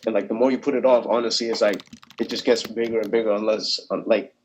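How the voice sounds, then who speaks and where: A young man on a video call, talking as a student panelist in a casual discussion. His voice sits fairly low. He circles his points with restarts and fillers. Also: fairly even intonation, fast talker, a little mellow, slight background noise, rough recording. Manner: hesitant, many restarts and fillers.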